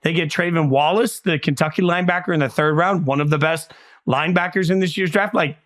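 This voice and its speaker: Blunt, slightly high-voiced male podcast host. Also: fairly quick, fairly bright tone. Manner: blunt, emphatic opinions with rhetorical questions. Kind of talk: casual sports podcast chat.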